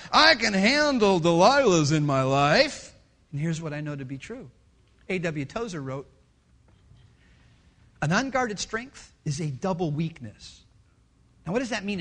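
Male pastor, middle-aged, passionate sermon, loud then hushed, bright tone, animated pitch.

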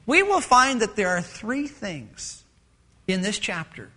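A man preaching a sermon as pastor, dramatic, swinging between loud emphatic lines and hushed, intimate ones. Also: high voice, very animated, slow pace. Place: church sanctuary. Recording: long hall reverb.

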